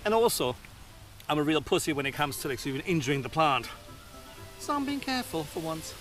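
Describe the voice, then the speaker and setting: A man's voice: a little high, sing-song, a little fast, a bit bright, faint music behind. A man hosting a gardening video outdoors in his garden, chatting casually through a how-to with self-mocking asides.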